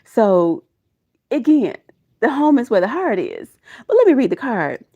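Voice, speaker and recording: A woman's voice: on the high side, big pitch swings, a little slow, husky, narrow, tinny audio. Emotional, folksy middle-aged woman tarot reader. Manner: emotional, laughing, folksy and preachy, talks to viewers as y'all. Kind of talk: live tarot reading.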